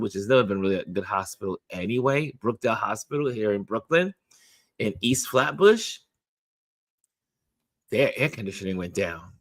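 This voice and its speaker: A man hosting a daily live stream, chatting casually and reading out viewer comments, repeating phrases in a chatty way. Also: lowish voice. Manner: chatty, repeats phrases, lively sing-song delivery. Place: New York.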